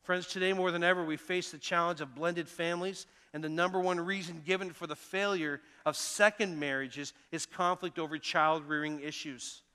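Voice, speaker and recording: A middle-aged man preaching a sermon as pastor, telling personal stories earnestly, moving between emphatic lines and hushed ones. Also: on the high side, fairly even intonation, normal speed, hardly any pauses, clear, resonant tone. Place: church sanctuary. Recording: long church reverb.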